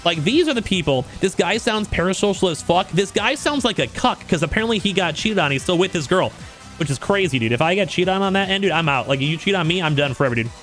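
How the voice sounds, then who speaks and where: A man's voice: high-pitched, animated, fast, a bit bright, faint music behind. A man streaming casual commentary on online drama, talking bluntly and slangily and peppering his speech with dude and like. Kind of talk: casual commentary reading out messages.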